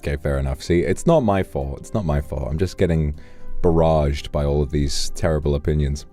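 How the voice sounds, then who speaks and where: British male streamer, low mellow voice, bouncy delivery, cheeky and profane. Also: fairly quick, faint music behind. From United Kingdom. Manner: animated and playful, swears freely, trails off into asides. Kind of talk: casual live-stream chat, reading donations.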